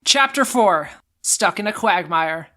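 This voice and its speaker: A woman narrating as game master, setting scenes in a measured way and handing turns to players. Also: lowish voice, animated, bright, forceful tone.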